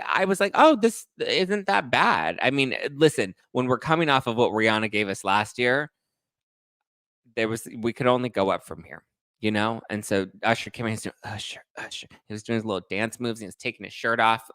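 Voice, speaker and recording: A young man chatting to camera as the host of a pop culture show. His voice sits fairly low and he talks in a gossipy, animated way, swearing here and there. The sound is dry and close, with no room around it. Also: clean tone, dry recording. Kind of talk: casual chat to camera.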